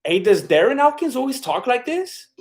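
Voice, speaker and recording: A man's voice: very high voice, very animated, normal speed. A man hosting a live stream in casual chat, rambling and laid-back as he reacts to viewer comments. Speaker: livestream host.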